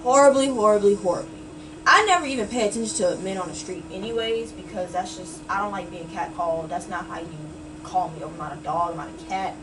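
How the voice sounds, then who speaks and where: A woman's voice: mid-range voice, brisk, far from the mic, background noise. A woman in her early twenties, a podcast guest telling a personal story in casual chat, with many "like" and "you know what I'm saying" fillers. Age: early 20s.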